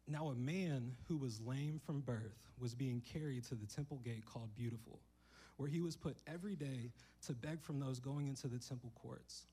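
A man's voice: medium pitch, warm tone, husky, low-quality recording. A man preaching as a guest speaker in a church, talking in a loose, joking way and acting out the people in the story he tells. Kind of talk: sermon. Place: church hall with a congregation.

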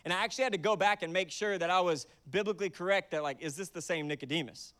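A young adult man preaching a sermon in a church, telling stories with humor and building to loud, emphatic peaks. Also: high voice, quick pace. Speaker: pastor.

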